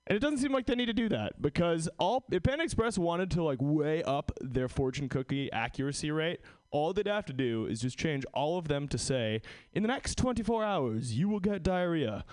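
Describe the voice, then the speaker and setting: A man's voice: a little high, lively intonation, fairly quick, hardly any pauses, a little mellow. A man doing an open mic stand-up set, self-deprecating and rambling with fillers. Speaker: stand-up comedian.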